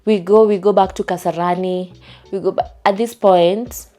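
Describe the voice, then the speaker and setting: This young woman has a Kenyan accent and a medium-pitched, dark voice with fairly even intonation and a moderate pace. Faint music sits behind her as she chats repetitively through a storytime vlog while packing her home to move.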